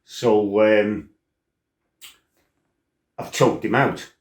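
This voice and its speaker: A deep-voiced, middle-aged man spins a rough personal tale in a casual monologue. His talk is blunt and peppered with swearing and side remarks. The recording has a roomy echo. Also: steady tone, very slow. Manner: blunt, salty, swears freely, rambling asides. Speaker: former fighter telling his life story.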